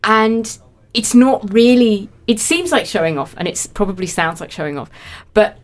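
Animated woman PhD student chatting. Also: mid-range voice, normal speed. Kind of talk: casual podcast chat.

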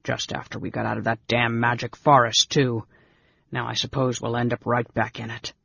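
A man voicing a big, blustering male warrior who shouts and grumbles in exasperation, read from a storybook. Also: mid-range voice, little pitch movement, normal speed, creaky, breathy edge, no room sound, pitched below the performer's own voice, exaggerated voice. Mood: grumbling. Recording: dull lo-fi dry recording.

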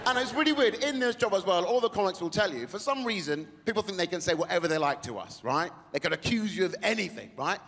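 A man performs a stand-up set in a large hall, his voice set a little high and swinging widely in pitch. A long reverb trails his words, and the crowd's laughter comes through clearly. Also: fast talker, few pauses, a little hiss or hum. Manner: animated, acts out the people he quotes. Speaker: stand-up comedian. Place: large theatre with a live audience.

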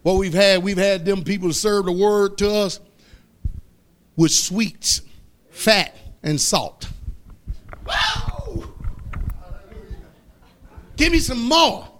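A pastor preaching a fiery sermon, stretching out scripture in slow shouts and questioning his congregation. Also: sits high, animated, a little hiss or hum.

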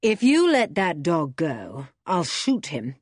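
A woman's voice: low-pitched, huge pitch swings, slow, breathy edge, no echo, clean studio sound, heavily acted. A woman voicing a menacing male villain who gives curt, threatening orders.

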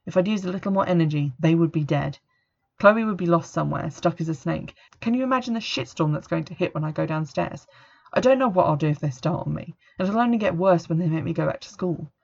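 A woman's voice: on the low side, quick pace, gravelly, slightly rough. A woman voicing a frightened teenage girl with dangerous magic, her lines raised and strained, recorded on a dull lo-fi setup. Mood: frantic.

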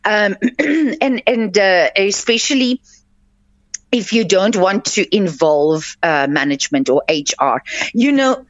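A woman's voice: medium pitch, lively intonation, slow, no room sound. A woman hosting a radio coaching show, giving earnest advice and repeating her points for emphasis. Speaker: life coach and radio host. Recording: dull lo-fi, dry sound.

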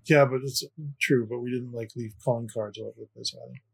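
A man at a tabletop game with a husky, slightly raspy voice. He talks in a measured way and hesitates before making his point. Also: mid-range voice, steady tone, low-quality recording. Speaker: player. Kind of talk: casual tabletop chat.

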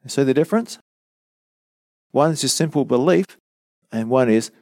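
A man's voice: mid-range voice, animated, moderate pace, darkish tone, no echo, studio quality. A man giving a teaching sermon, earnest and emphatic, who explains with rhetorical questions and repeated lines. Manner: rhetorical questions, acts out quoted voices. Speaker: preacher.

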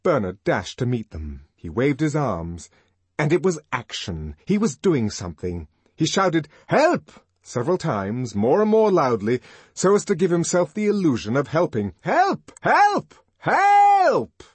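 A man narrates an audiobook in an expressive, dramatic reading, his pitch ranging very widely from line to line. His voice is husky, and the recording is dry and close to the mic. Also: normal speed, dry recording. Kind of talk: scripted narration.

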